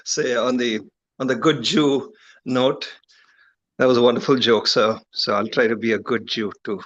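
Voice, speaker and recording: A man at a temple class speaking casually and chanting a mantra slowly. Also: medium pitch, fairly even intonation, lo-fi sound. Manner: slow, drawn-out chanting. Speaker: class attendee leading a mantra.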